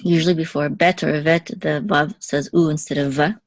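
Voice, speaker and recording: A woman's voice: sits low, steady tone, moderate pace, no room sound. A woman teaching Hebrew reading one-on-one, patiently explaining each letter and vowel and checking in with her student. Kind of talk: one-on-one lesson.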